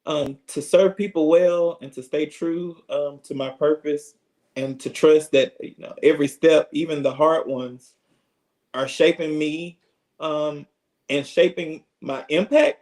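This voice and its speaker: A man's voice: fairly high pitch, steady tone, measured pace, a little mellow, poor audio. A man with an Alabama accent, answering interview questions about his work as a businessman in funeral service, earnest and reflective.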